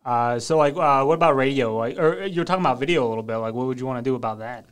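A young man hosting a podcast, speaking in a smooth voice with a laid-back, rambling manner full of filler words. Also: mid-range voice, very fast. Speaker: podcast host. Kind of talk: casual interview chat. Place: podcast studio.

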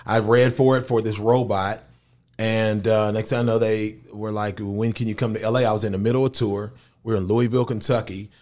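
Speaking a little fast in a fairly low voice, this man—who raps and voice-acts—recounts a story in an interview. He's animated and slangy, slipping into the voices of whoever he's quoting.

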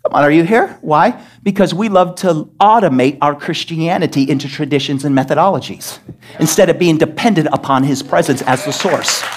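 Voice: mid-range voice, a little fast. A pastor preaching a sermon to a congregation, emphatic and pressing them with questions. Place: church service.

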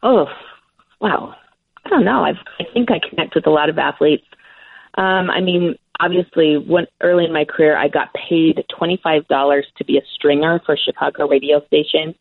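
A middle-aged woman sports broadcaster tells her stories with real enthusiasm and laughs easily. Her voice is gravelly and a bit husky. It comes through a tinny, dry line that sounds like a phone. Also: low-pitched, normal speed, dry recording. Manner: enthusiastic storyteller, laughs often. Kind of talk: casual interview chat.

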